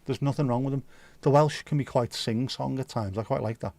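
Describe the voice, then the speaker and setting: A man's voice: medium pitch, steady tone, fairly quick, vocal fry, warm tone. A man hosting a livestream, chatting casually and answering viewer comments in a blunt, opinionated way, swearing freely. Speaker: livestream host.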